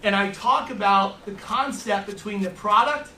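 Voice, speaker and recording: Guy running a sales training, brash and jokey, high bright voice, echoey room from far off. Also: normal speed, slight background noise. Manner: brash, joking storyteller who asks the room questions. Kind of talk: live training talk. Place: meeting room with a small audience.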